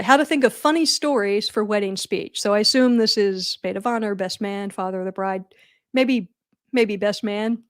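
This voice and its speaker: A middle-aged woman hosting a live advice Q&A on wedding speeches, chatty and animated, with self-deprecating jokes. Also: medium pitch, dry recording, clean studio sound. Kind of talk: casual livestream advice.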